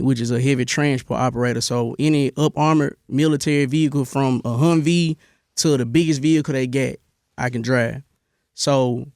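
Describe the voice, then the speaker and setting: A young man from Memphis, telling his army stories in a relaxed interview, with a lot of "bro" and many restarts. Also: mid-range voice, no room sound, clean studio sound. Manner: laid-back storytelling, lots of "bro" and restarts. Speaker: interview guest, army veteran. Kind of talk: casual interview.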